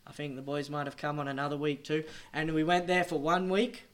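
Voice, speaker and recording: A high-pitched male missionary preacher delivering a sermon. He tells his story dramatically, rising to loud, pressing emphasis and then dropping to near-hushed tones. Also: steady tone, brisk.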